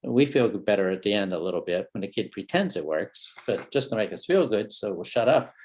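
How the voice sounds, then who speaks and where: A man, a family therapist, gives a parenting training talk in a relaxed storytelling manner, acting out short exchanges and pausing to build suspense. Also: on the low side. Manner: relaxed storytelling with role-played dialogue.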